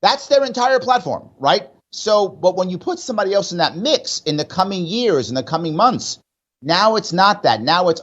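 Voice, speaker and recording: A man's voice: high voice, big pitch swings, moderate pace, fairly bright tone, highs cut off. A man with a New York accent, an emphatic political guest in a radio interview who keeps asking rhetorical questions.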